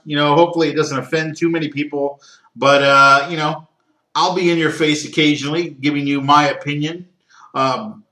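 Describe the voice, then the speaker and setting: Bright-voiced man hosting a sports podcast. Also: on the high side, reverberant. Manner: opinionated, ranting, frequent throat-clearing and fillers. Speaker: podcast host. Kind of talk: solo sports talk podcast.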